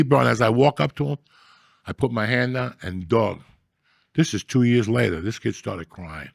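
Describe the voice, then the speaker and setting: A man's voice: mid-range voice, measured pace, gravelly, long pauses, no echo, clean studio sound. A man telling crude, profane stories in casual chat, acting out the people he quotes. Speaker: storyteller guest.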